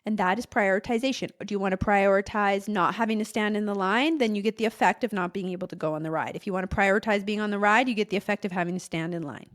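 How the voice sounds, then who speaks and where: Chatty woman podcast host, mid-pitched. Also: fast, few pauses. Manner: conversational, acts out frustrated inner voices in a higher pitch. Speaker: podcast host and ADHD therapist. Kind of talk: casual solo podcast talk.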